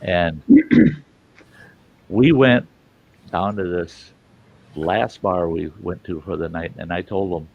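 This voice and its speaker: A man's voice: low-pitched, slow pace, creaky, pauses often, phone-quality sound. A man telling a rambling, profane anecdote in a casual, chuckling way, as the host of a storytelling show.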